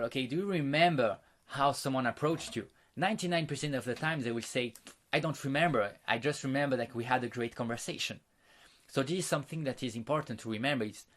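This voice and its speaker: A man's voice: medium pitch, a bit bright. Man teaching a social skills course. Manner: explanatory, unhurried, frequent fillers and restarts; walks listeners through exercises and demonstrations. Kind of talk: online course lecture.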